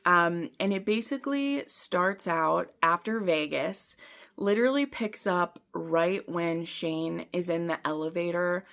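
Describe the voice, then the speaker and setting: A woman's voice: on the low side, unhurried, creaky, a bit bright. A woman hosting a book channel, talking through her reading in a chatty, rambling way with lots of fillers. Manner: laughs at herself often. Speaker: book vlogger. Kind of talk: casual book review chat.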